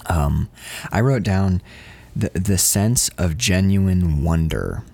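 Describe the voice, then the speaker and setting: A man co-hosting a casual movie podcast, talking in an animated way and swearing now and then. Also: slow, gravelly. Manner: animated, acts out quotes in loud high voices. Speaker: podcast co-host.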